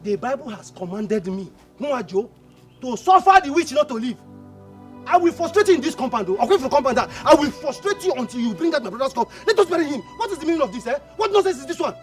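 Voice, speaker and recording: A Nigerian man playing a furious younger brother who shouts, repeats himself and stammers in a family feud. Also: very high-pitched, very animated, fast talker, soft background music. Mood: defiant. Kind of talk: Nollywood film acting.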